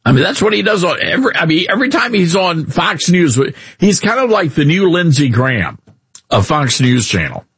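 A man with a Southern accent hosting a casual talk radio show, animated and mocking in tone. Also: fairly high pitch, fairly quick, slightly rough, no echo. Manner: animated, mocking, puts on exaggerated drawls.

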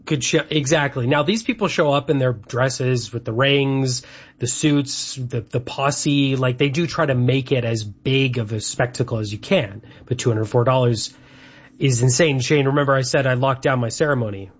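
A Canadian man hosts a casual chat in a mid-range, slightly rough voice at normal speed. He rambles with lots of fillers, and the recording has a dull lo-fi sound.

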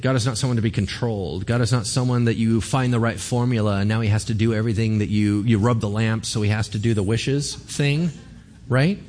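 A man, a pastor, giving a sermon in a conversational, joking way, often asking the congregation questions. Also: medium pitch.

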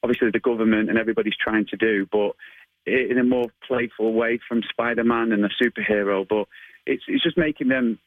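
A man's voice: on the low side, steady tone, fairly quick, no room sound, phone-quality sound. A man in his thirties with a Manchester accent, chatting in an interview with many ums and restarts and frequent laughs. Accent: Manchester English. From England. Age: 30s. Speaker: interview guest, martial arts instructor. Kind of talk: casual phone interview.

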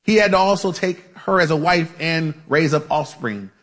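A man's voice: fairly high pitch, normal speed, fairly bright tone. A man preaching a conversational Bible-teaching sermon, casual and chatty, with frequent asides and restarts. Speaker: pastor.

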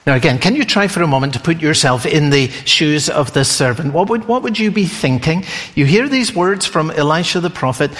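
Male preacher, sermon, expressive storytelling, higher-pitched voice, long hall reverb. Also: fairly quick. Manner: expressive, storytelling, questions the listeners.

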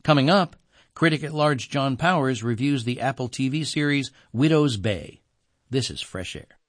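A male radio host reading scripted broadcast narration in a calm, even delivery. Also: mid-range voice, normal speed, no echo, studio quality.

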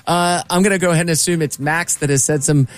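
A man's voice: fairly high pitch, quick pace. A man hosting a casual chat, telling a family story and mimicking the voices of relatives. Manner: animated anecdote teller who mimics family voices.

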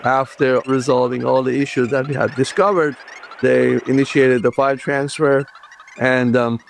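Sex: man. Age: middle-aged. Origin: Middle East. Style: interview recollection. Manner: earnest, halting, gravelly. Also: mid-range voice, little pitch movement, a little hiss or hum. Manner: earnest, halting with fillers, non-native phrasing. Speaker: inventor interviewed. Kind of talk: recalled interview answers.

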